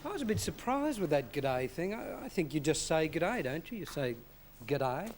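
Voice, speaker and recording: An Australian man on a TV talk show, his voice sitting a little high for a man. He tells his stories in a relaxed, easy way. A faint hiss runs under the studio sound. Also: a little fast. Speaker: chef and guest.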